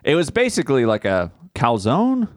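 A man's voice: mid-range voice, wildly swooping pitch, moderate pace, no room sound, clean studio sound. A man co-hosting a casual podcast, blunt and profane, teasing his co-hosts and laughing often. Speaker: podcast co-host.

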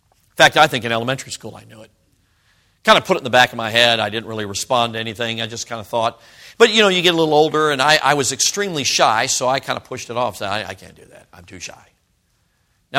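A middle-aged man preaching a sermon, telling stories and speaking straight to the congregation. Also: mid-range voice. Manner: animated storytelling, addresses the congregation directly.

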